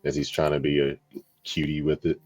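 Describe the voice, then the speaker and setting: Deep-voiced man playing a tabletop game. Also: monotone, fairly quick, darkish tone, slightly rough, no room sound, soft background music. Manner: laughing, self-mocking banter. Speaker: tabletop player. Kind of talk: casual game chat.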